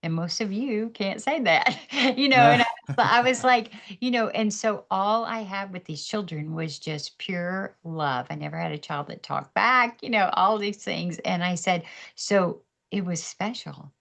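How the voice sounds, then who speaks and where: Gravelly woman telling her story on a video call. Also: medium pitch, unhurried. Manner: lively, laughs often, acts out voices in her stories. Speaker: podcast guest. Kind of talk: candid faith-filled storytelling.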